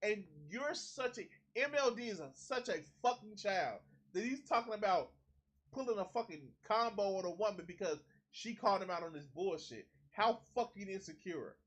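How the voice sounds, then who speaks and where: Indignant, bright-voiced man ranting. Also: high-pitched, animated, moderate pace. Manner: indignant, profane, mocking. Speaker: streamer reacting to a clip. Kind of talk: heated reaction commentary.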